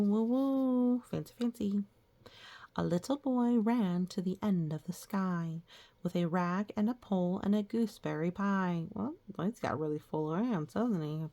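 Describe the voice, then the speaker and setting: Slow, gravelly woman reading old rhymes. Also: fairly low pitch. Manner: gentle, explains lessons between rhymes. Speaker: reader of children's rhymes. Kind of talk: reading rhymes aloud with commentary.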